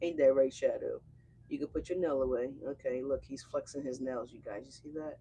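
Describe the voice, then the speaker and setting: A woman's voice: rumbling low, moderate pace, mellow, a little hiss or hum. A woman doing a casual tarot reading, chatty and brash, swearing freely and talking straight to her viewers. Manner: chatty, brash and profane, addresses viewers directly. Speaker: tarot reader.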